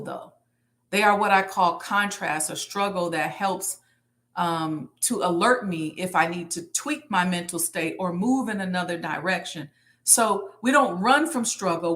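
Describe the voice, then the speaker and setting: A woman's voice: mid-range voice, sharp tone. A woman speaking leads a live online lesson on manifestation. She talks in a preacherly way and repeats her main lines for emphasis. Her voice is heard close to the mic. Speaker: manifestation teacher. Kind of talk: lecture to an online live audience.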